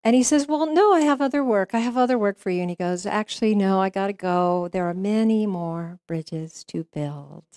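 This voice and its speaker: A woman's voice: fairly low pitch, moderate pace, hardly any pauses, no room sound. Woman minister telling a story from the pulpit. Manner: warm conversational storytelling with frequent fillers and laughs. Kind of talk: sermon with storytelling. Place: church sanctuary.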